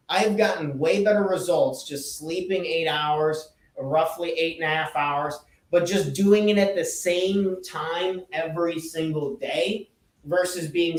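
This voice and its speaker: A man hosting a podcast, giving a casual motivational talk in an earnest, emphatic way and repeating his key phrases. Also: fairly high pitch. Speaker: podcast host. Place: indoor room with a whiteboard. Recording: echoey room, voice from off-mic.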